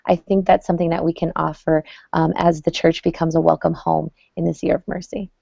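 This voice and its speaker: A woman's voice: fairly low pitch, little pitch movement, a little fast, gravelly, dark tone, husky, dry recording. A woman speaking as a parent on a panel discussion, talking conversationally with restarts and fillers, heard over muffled lo-fi online audio.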